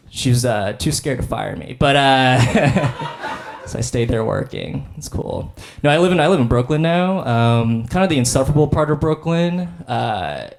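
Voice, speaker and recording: Young guy doing standup, rambly and chill, mid-pitched voice, bit of faint hiss. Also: gravelly. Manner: rambling, laid-back, filler-heavy with frequent "like" and "I don't know". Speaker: stand-up comedian. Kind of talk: stand-up comedy set. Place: comedy stage before a live audience.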